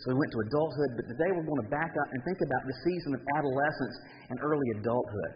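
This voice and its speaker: Folksy preacher in a reverberant hall. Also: male voice, medium pitch, very fast, muffled recording, slight background noise. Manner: folksy, humorous storytelling with frequent fillers and repetition. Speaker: pastor. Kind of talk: sermon. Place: church sanctuary.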